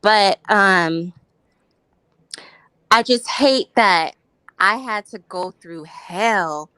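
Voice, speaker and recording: A woman from the Los Angeles area chats casually and with energy, jumping up in pitch as she quotes what she said to others. Her voice sits mid-pitch and is recorded dry with no room sound. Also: extremely slow, clear, resonant tone, no room sound. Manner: animated, laughing, quotes herself. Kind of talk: casual chat.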